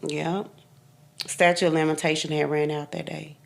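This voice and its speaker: A woman's voice: sits low, flat delivery, moderate pace, creaky. A woman in her fifties, a podcast guest, bluntly telling her own story with emphatic repeats and occasional laughs. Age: 50s. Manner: blunt, emphatic, repeats phrases, laughs through hard memories. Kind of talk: candid personal storytelling.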